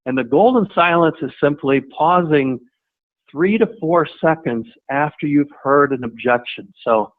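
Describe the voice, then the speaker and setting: A man's voice: on the high side, unhurried. A man leading a sales training webinar, talking conversationally, repeating himself and restarting, and acting out short replies. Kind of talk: webinar presentation. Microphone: webinar audio line. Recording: tinny phone-line audio.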